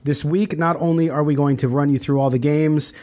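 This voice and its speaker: A man's voice: a little high, steady tone, warm tone. A middle-aged man hosting a sports podcast, reading sponsor spots and chatting casually with frequent fillers. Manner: conversational, quick sponsor reads with fillers. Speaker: podcast host.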